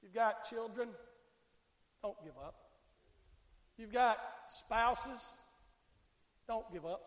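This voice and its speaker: A male pastor preaching a fiery sermon, swinging between shouting and hushed tones and calling out to the congregation. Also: very high-pitched, takes it slowly. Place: church sanctuary. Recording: echoey church hall with long reverb.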